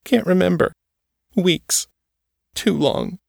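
A man's voice: sits high, lively intonation, takes it slowly, gravelly, dry recording, studio quality, voice pushed up, exaggerated voice. A man voicing the frightened ghost of a young girl who speaks in clipped, broken phrases. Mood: fearful.

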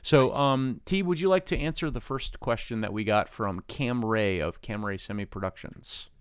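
Smooth-voiced male podcast host. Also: mid-range voice, normal speed, no room sound, studio quality. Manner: rambling, many fillers and restarts. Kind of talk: casual podcast chat.

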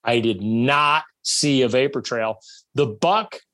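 A man telling a hunting story in a casual, animated way, acting out shots and bits of dialogue. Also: mid-range voice, slow pace, dry recording.

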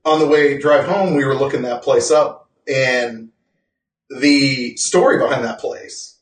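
A man's voice: medium pitch, measured pace, far from the mic. A man co-hosting a podcast in casual chat, rambling, self-correcting, and laughing often. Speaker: podcast co-host. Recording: roomy sound from off-mic.

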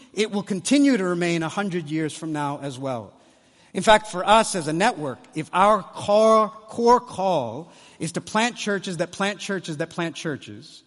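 High-voiced preacher in a reverberant hall. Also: male voice. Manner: emphatic, repeats key phrases. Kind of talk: sermon. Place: large conference hall.

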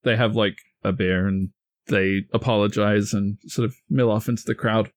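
A man narrating scenes as game master of a tabletop game, relaxed and full of fillers. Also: on the low side, normal speed, dry recording.

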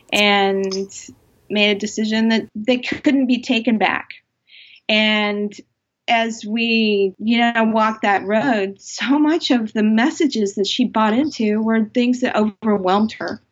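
A middle-aged woman who is an author, talking earnestly and with passion as a guest in a faith-based podcast conversation. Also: on the high side. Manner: earnest, impassioned, emphatic. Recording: dull lo-fi sound.

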